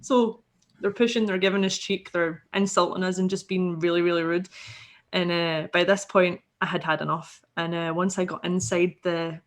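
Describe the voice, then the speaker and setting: A woman's voice: lowish voice, little pitch movement, moderate pace. A Scottish woman, a podcast guest, telling a story casually and animatedly, swearing freely and acting out the people she quotes.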